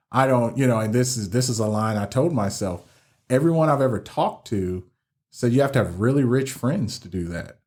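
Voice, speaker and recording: A middle-aged man telling his story as a podcast guest, animated and laughing often, with many restarts. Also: medium pitch. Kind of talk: casual storytelling interview.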